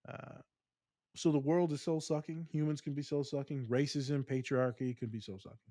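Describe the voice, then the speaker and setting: A man co-hosting a podcast, talking casually and telling stories in long, animated rants. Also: medium pitch, moderate pace, no echo, clean studio sound. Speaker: podcast co-host.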